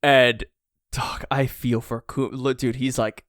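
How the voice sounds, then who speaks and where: Smooth-voiced man, slangy podcast chat. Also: medium pitch, takes it slowly, dry recording, studio quality. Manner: slangy and excited, says "dude" often. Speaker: podcast co-host. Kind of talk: casual chat, recapping a comic chapter.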